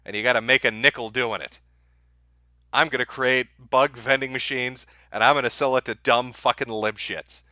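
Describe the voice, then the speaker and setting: A man's voice: mid-range voice, steady tone, normal speed, bright, forceful tone, no room sound, clean studio sound. A man hosting a livestream, ranting sarcastically and profanely and laughing at his own jokes as he reads viewer super chats. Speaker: livestream host.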